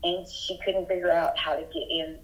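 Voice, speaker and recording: A woman's voice: on the low side, flat delivery, normal speed. A woman from Texas telling a personal story as a guest, in an earnest, detailed way. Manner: earnest, detailed retelling with rising urgency. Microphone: telephone. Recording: muffled phone line.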